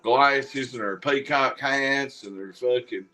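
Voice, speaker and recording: A man's voice: medium pitch, slow, pushed and bright. A man hosting casual chat, telling crude, profane jokes. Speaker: show host.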